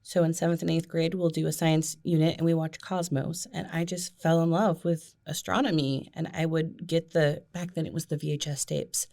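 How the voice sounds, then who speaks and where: A woman's voice: low voice, fairly even intonation, moderate pace, vocal fry, few pauses, dark tone. A middle-aged woman from Ohio, a guest telling school stories in a chatty, self-deprecating way, often laughing. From Ohio, USA. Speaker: guest, school board member. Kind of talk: casual storytelling interview.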